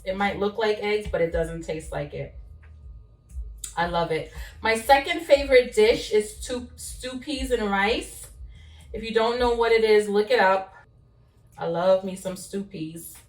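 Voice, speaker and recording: A young woman chatting casually while she cooks in a home kitchen, rambling with fillers and restarts. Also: fairly high pitch. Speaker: cooking vlogger. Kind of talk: casual cooking chat. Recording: roomy sound from a distance.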